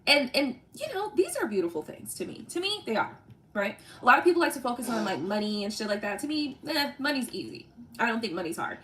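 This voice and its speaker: A woman's voice: a little high, sing-song, quick pace, fairly bright tone, slight background noise. A woman hosting a tarot livestream, talking casually and bluntly to viewers, laughing often, swearing freely and tagging sentences with "right?". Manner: repeats "right?" and "you know" constantly. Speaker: tarot reader and livestream host.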